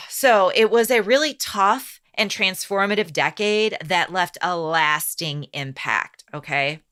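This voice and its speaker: Bright-voiced woman telling history. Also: on the low side, clean tone. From Chicago South Side. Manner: reads from notes, teasing and brisk with her co-host. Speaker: podcast co-host, storyteller. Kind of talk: casual podcast chat, reading a history story.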